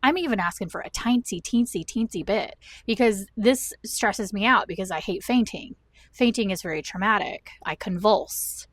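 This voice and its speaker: A woman's voice: mid-range voice, moderate pace, dry recording. Chatty Southern-raised woman vlogging. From American South. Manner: rambling, self-deprecating, animated storytelling. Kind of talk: chatty talk-to-camera vlog. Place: at home.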